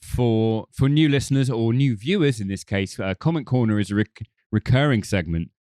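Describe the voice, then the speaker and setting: A man's voice: medium pitch, normal speed, a little mellow, no room sound, clean studio sound. A man co-hosting a film podcast, chatting casually and joking, with rambling restarts. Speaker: podcast co-host. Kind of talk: casual chat.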